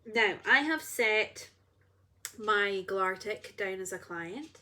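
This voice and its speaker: A woman's voice: medium pitch, animated, slow pace, pushed and bright. Earnest rambling woman healer. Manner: earnest, rambling, self-interrupting. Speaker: energy healer. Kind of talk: casual spiritual vlog.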